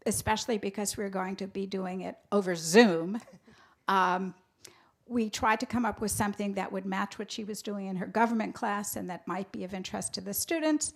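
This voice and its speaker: A woman's voice: mid-range voice, fairly quick, gravelly. A woman hosting a student musical theater showcase, thanking the teachers and speaking directly to the students in a friendly way. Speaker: program host for a musical theater education foundation.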